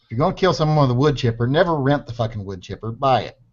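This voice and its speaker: Man, quick talker, profane wisecracks, muffled sound, casual chat. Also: medium pitch, expressive. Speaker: panelist.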